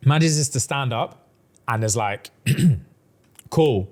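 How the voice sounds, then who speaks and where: Animated man retelling a story with slang. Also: mid-range voice, very slow. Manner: animated storyteller, acts out characters' lines, heavy slang. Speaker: podcast co-host. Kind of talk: casual chat, retelling a fantasy story.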